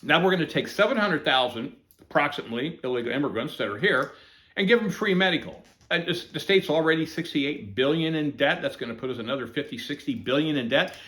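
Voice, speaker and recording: A man's voice: fairly high pitch, lively intonation, fast, fairly bright tone. A man from the United States giving an emphatic, indignant opinion monologue as host of his own channel.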